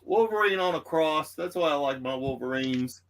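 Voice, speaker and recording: A man's voice: on the high side, expressive, moderate pace, creaky, a bit bright. A man with a Southern US accent hosting a live comic book auction, easygoing and rambling with many fillers. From Texas. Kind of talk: live-stream sales patter.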